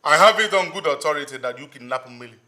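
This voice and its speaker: Nigerian drama tough guy: bright, firm, threatening. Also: a little high, animated, fast. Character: confident man issuing threats to a woman.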